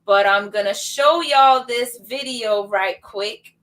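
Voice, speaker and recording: A woman co-hosting a live virtual open mic over a video call. Her voice sits slightly high and her tone is relaxed and upbeat. She teases her co-host as she keeps the show moving. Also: slow, poor audio. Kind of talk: casual live-stream hosting.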